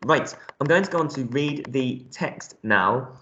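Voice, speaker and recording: A man's voice: medium pitch, animated, a little slow, fairly bright tone, muffled recording, slight background noise. Man, primary teacher, recorded remote lesson, friendly step-by-step explaining, echoey room. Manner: friendly, explains words step by step with many ums.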